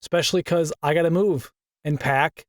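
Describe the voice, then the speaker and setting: A man's voice: on the high side, fairly even intonation, moderate pace, no room sound, studio quality. A man in his twenties reading a scripted game critique who keeps stumbling over words and swearing in frustration. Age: 20s. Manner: swears often, frustrated at his own misreads. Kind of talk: scripted critique narration with outtakes.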